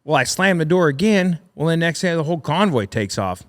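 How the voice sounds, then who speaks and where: A man's voice: on the high side, big pitch swings, fairly quick. A middle-aged man, a welder and military veteran, telling rambling, profane war stories with frequent laughs as a podcast guest. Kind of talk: casual storytelling.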